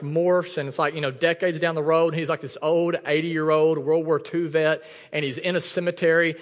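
A man in his thirties preaching a sermon in a church, swinging from near shouts down to low, intimate asides. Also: in a large hall. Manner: impassioned, rising to near shouts then dropping low and intimate. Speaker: pastor. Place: church sanctuary.

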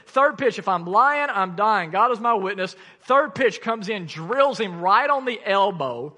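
A male pastor preaching a sermon, telling stories in an animated way with frequent laughs and sudden loud bursts. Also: high voice, moderate pace, hardly any pauses, in a large hall.

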